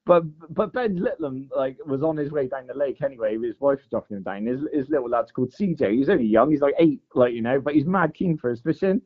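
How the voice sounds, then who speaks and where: A man's voice: mid-range voice, fast, few pauses. A man telling a long fishing story in casual chat, full of "mate" and "like". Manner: animated storyteller, says "mate" and "like" a lot. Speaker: podcast guest. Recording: dull lo-fi podcast audio.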